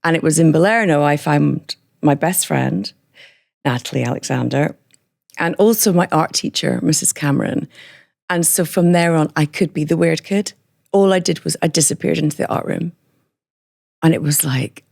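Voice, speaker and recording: A woman with a hybrid northern English and Scottish accent tells her story in a candid interview. Her voice sits low and carries a gravelly rasp. She is frank and chatty and laughs often. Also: moderate pace, a little mellow. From northern England. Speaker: podcast guest.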